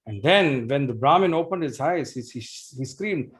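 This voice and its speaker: Animated male devotional storyteller. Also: mid-range voice, normal speed. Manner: animated, acts out voices.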